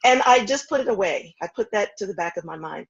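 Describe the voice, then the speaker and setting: A woman in her fifties from the American South, a foundation founder calmly recounting her story in a remote interview, with steady ums. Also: medium pitch, creaky, slightly rough, dull audio. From Houston, Texas. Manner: measured, reflective storytelling with frequent ums.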